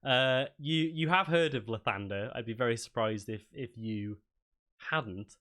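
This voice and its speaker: A man's voice: medium pitch, measured pace, a bit bright. A man narrating a tabletop game. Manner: loose, filler-heavy narration. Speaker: dungeon master.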